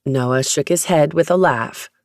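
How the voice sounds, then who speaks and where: An audiobook narrator reading a first-person romance story in a steady, even storytelling manner. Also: medium pitch, measured pace, dry recording, studio quality.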